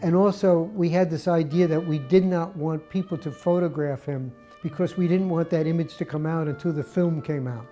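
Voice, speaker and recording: Higher-voiced older man telling anecdotes. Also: steady tone, normal speed, few pauses, mellow, soft background music. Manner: anecdotal, acts out remembered quotes. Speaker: film set photographer, guest. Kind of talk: storytelling interview.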